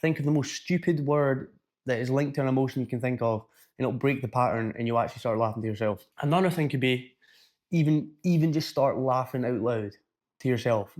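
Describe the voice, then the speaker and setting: Man, coach talking to camera, casual and blunt, energetic, swears, mid-pitched voice. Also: fairly quick. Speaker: fitness and mindset coach. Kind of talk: casual self-help talk to camera.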